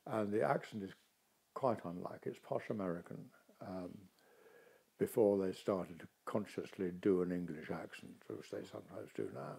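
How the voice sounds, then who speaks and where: A man's voice: low-pitched, moderate pace, vocal fry, husky. An older man, an actor, talking in a casual interview and telling stories expressively. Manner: expressive, animated storytelling.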